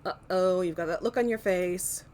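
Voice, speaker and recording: A woman's voice: on the low side, normal speed, darkish tone, close to an everyday voice. A woman doing a cocky, teasing young man.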